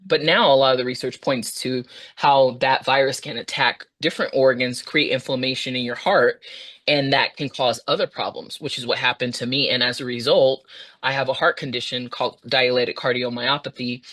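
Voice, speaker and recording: A woman in her thirties, a podcast guest telling a personal story, animated, jumping high in pitch when she acts out her own past words. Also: normal speed.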